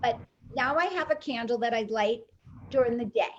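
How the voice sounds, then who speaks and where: A woman with a high, bright pitch chats casually, telling a story and playing out the back-and-forth. There is a faint noise bed behind her voice. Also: moderate pace, highs cut off. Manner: animated, acts out quoted dialogue.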